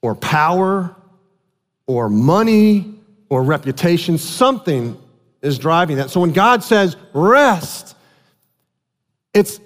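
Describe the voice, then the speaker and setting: A man preaching a sermon as pastor, animated and asking his congregation questions. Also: a little high, takes it slowly, pauses often. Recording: long hall reverb.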